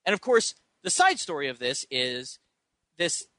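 Bright, dry-voiced man recapping a movie. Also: huge pitch swings, measured pace, dry recording. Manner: recaps plots, acting out characters in high silly voices. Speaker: podcast co-host. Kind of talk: casual movie podcast chat.

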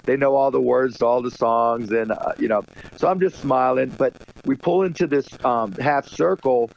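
A man's voice: medium pitch, normal speed, gravelly, muffled recording. A middle-aged man chatting as a guest on a radio show, rambling with lots of fillers and laughing often. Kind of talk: casual radio interview chat.

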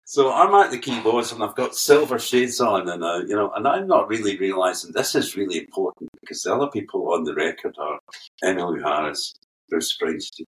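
A man's voice: deep voice, a little fast. An older Scottish man, a guest musician, telling rambling anecdotes with laughter and swearing. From Scotland. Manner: animated storyteller, laughs often, swears freely. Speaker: guest keyboard player. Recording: distant from the mic.

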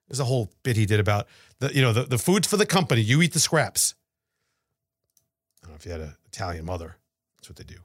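Here the male co-host talks quickly but pauses often, his voice on the low side, as he loosely discusses markets with animated stammering restarts and repeated words. There's no echo, and the sound is studio quality.

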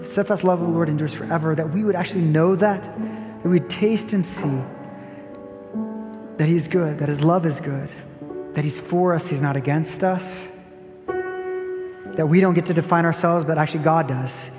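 A man preaching a sermon as a pastor, earnest and reflective, repeating key phrases with gentle emphasis. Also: a little high, normal speed, long pauses. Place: church sanctuary. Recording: long hall reverb with soft music behind.

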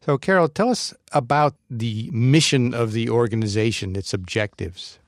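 A man's voice: medium pitch, moderate pace, no room sound, studio quality. A man hosting a podcast, reading introductions and laughing easily in casual chat. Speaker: podcast host.

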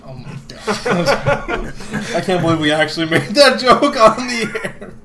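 A man's voice: high voice, expressive, unhurried, crowd noise. A man co-hosting a gaming podcast in casual chat, giggly and wisecracking. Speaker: podcast co-host.

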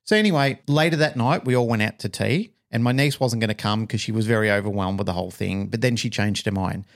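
Australian man telling a lively story. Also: on the low side, quick pace, gravelly. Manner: animated storyteller, acts out quoted voices. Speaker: podcast co-host. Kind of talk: casual chat, personal storytelling.

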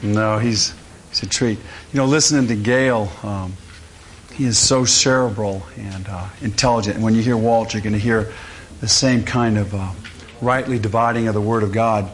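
A man's voice: lowish voice, steady tone, normal speed, a little hiss or hum. Folksy preacher man. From Louisiana, US. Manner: folksy storytelling with fillers. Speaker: conference speaker. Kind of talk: humorous sermon talk.

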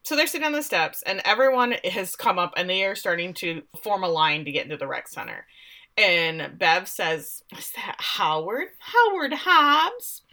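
A woman's voice: fairly low pitch, moderate pace, bright, forceful tone. A woman casually recapping a story on a podcast, acting out the characters' lines as she goes. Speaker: podcast co-host recapping a show. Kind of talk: casual chat.

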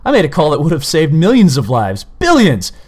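A man voicing a bitter, cornered male soldier who growls and bursts into shouting. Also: fairly low pitch, very fast, close to an everyday voice.

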